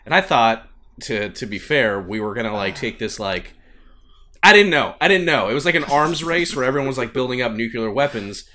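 A man co-hosting a casual podcast chat, telling a rant with swearing and loud bursts. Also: mid-range voice, lively intonation, brisk. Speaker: podcast co-host.

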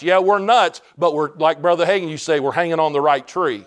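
Fervent man preaching, slightly high voice. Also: fairly quick, few pauses. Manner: fervent preaching that swells to shouts; calls out "Amen?" to the congregation. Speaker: pastor. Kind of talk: sermon.

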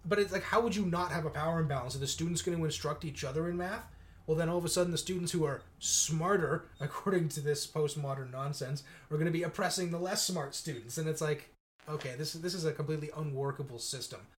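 Sarcastic, incredulous man on a podcast. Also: a little high. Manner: sarcastic, incredulous, quick to mock. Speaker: podcast co-host. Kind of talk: casual conversational podcast.

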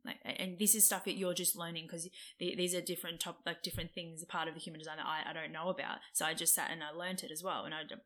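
A woman's voice: lowish voice, flat delivery, fast, few pauses, sharp tone. A woman co-hosting a podcast, chatting casually and telling stories animatedly, acting out her own thoughts. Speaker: podcast co-host. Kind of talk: casual reflective chat.

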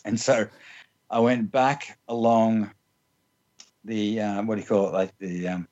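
As an interview guest, a man tells funny personal stories in a loose, rambling way, laughing often, restarting, and filling with "like." His fairly low, darkish voice stays steady at a measured pace, and the audio's highs are cut off.

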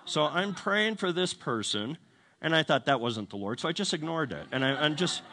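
Guy preaching and telling a funny story, bright voice, swings up and down a lot, acts out the people in it. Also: a little high, very animated, moderate pace. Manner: self-deprecating humor with laughs. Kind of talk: sermon storytelling.

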